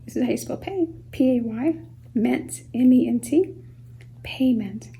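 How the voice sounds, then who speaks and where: A woman gives a phonics lesson for young children, her voice high with a gravelly edge and a mellow, darker tone. She sounds words out slowly and patiently, sometimes softening to a whisper. Faint background noise sits under the recording. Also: poor audio. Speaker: homeschool teacher.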